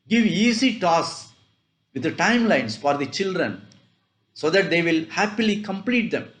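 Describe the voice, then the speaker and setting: A man with a slightly higher voice gives advice in slow, deliberate short phrases, like a scripted motivational talk. The recording has a noticeably echoey room sound. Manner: measured, deliberate, instructive delivery in short phrases. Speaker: host of a weekly advice show.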